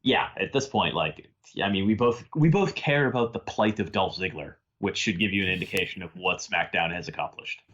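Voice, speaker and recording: A man's voice: low-pitched, lively intonation, a little fast, few pauses, fairly bright tone, dull audio, slight background noise. A man from the New York area co-hosting a podcast in casual chat, dry and sighing. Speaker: podcast co-host.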